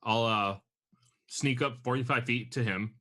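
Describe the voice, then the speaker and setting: A man playing a tabletop game, talking in a distracted, halting way. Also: medium pitch, bright, forceful tone. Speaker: player.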